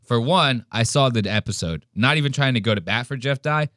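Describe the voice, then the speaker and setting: A male podcast host tears into a take with blunt, profane energy. His voice is bright and forceful. The sound is dry and close to the mic. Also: mid-range voice, a little fast, dry recording. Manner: blunt, profane, animated ranting. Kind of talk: casual commentary.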